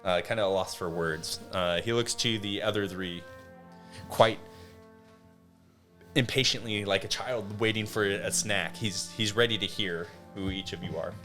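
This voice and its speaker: A man's voice: fairly low pitch, a little slow, sharp tone, faint music behind. A man narrating a tabletop game as game master, casual and full of restarts. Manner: casual, many fillers and restarts.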